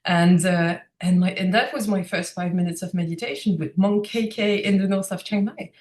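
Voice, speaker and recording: A woman's voice: lowish voice, moderate pace. Woman with a roomy echo. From France. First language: French. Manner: animated, reflective, laughs often. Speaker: guest. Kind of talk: casual conversational storytelling.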